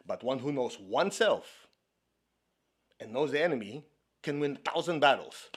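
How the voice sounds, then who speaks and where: Expressive and medium-pitched, this man speaks a little slowly, leaving long pauses, with a breathy edge to his voice. He is a meditation teacher from China giving a playful, conversational spiritual talk, often checking in with listeners, laughing frequently and making playful asides.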